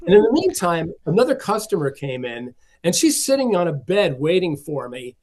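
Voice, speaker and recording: A man's voice: high voice, very animated, normal speed, darkish tone. A man, a film collector being interviewed, telling stories and acting out the voices of the people he quotes. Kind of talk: conversational storytelling.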